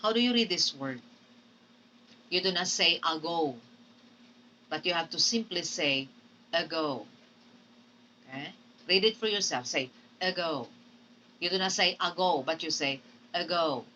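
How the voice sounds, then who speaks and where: A woman's voice: on the low side, expressive, brisk, bright, forceful tone, recorded from a distance, slight background noise, rough recording. A woman with a Filipino accent, teaching English pronunciation in a patient classroom lecture, drilling words and repeating them. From Philippines.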